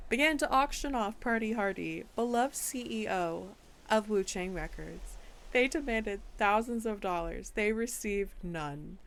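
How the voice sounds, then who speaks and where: Gravelly-voiced woman streamer reading aloud. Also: medium pitch, unhurried, a bit bright, a little hiss or hum. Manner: incredulous, breaks into laughter and asides while reading. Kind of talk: casual live-stream commentary, reading documents aloud.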